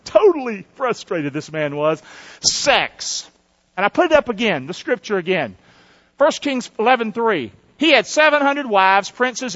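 Man, pastor, sermon, lively rising and falling delivery, muffled recording. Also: sits high. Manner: animated preaching with call-and-response to the congregation.

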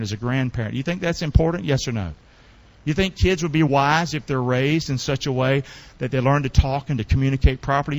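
Animated preaching man, high and lively. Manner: call-and-response preaching, quizzing the congregation; animated, swings between loud bursts and low asides. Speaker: pastor. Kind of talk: sermon.

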